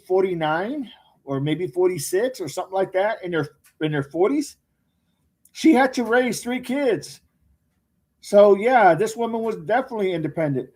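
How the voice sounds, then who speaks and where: A man's voice: sits high, darkish tone. A man hosting a casual livestream, reading out viewer comments by name and answering them with jokes. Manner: reads viewer comments aloud by name, joking and quick responses. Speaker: livestream host reading chat. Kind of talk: casual live chat.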